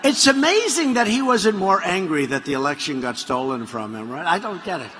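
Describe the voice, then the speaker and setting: Male rally speaker: high, very animated, mocking and rambling, with long reverb from a big hall. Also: a little fast, slight background noise. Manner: rambling, mocking, repetitive asides. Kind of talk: rally speech. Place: large rally venue.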